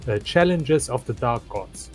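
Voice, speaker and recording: A man with a German accent chatting thoughtfully while playing a strategy game, pausing often with "uh". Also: mid-range voice, expressive, soft background music. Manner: thoughtful, hesitant, many uhs. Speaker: gamer. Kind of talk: casual gaming chat.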